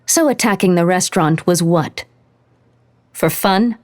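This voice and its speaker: A woman's voice: lowish voice, a little slow, voice pushed up, natural voice. A woman narrator voicing a female lieutenant interrogating a suspect in a clipped, level tone. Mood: cold. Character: controlled female lieutenant, coldly angry.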